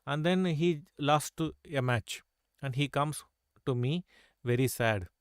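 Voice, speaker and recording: This chess coach speaks a little slowly in a clear, resonant mid-range voice as he runs a live lesson. He coaxes his students with rhetorical questions and repeated "right?" and "okay?" checks, captured in studio quality without echo.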